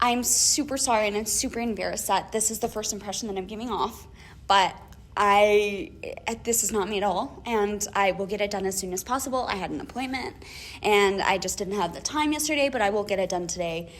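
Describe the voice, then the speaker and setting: A young woman co-hosting a casual chat podcast, telling an animated story with lots of laughs and acted-out emails. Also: medium pitch, brisk. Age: young adult. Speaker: podcast co-host.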